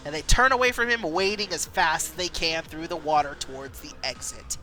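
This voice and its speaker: A woman streamer reading a story game aloud, animated and quick. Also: sits low, soft background music, low-quality recording.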